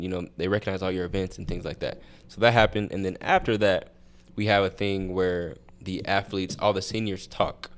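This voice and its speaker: A young man with a notably low voice talks as a guest on a casual podcast. He tells stories loosely, restarting sentences and circling back as he goes. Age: young adult. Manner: relaxed, rambling storytelling with many restarts. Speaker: guest athlete. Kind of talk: casual interview chat.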